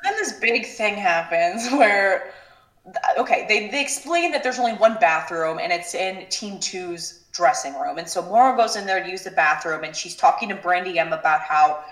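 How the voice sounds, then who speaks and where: A woman's voice: lowish voice, expressive, normal speed, a bit bright, echoey room. A woman co-hosting a casual podcast, retelling events in a chatty way with fillers and giggles. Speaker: podcast co-host. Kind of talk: casual chat recapping a reality show.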